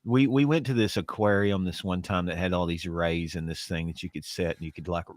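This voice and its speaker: Lower-voiced earnest man, dry close sound. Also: fairly even intonation, brisk, no echo. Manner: earnest, gushing, swears for emphasis. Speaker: podcast co-host. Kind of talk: casual chat.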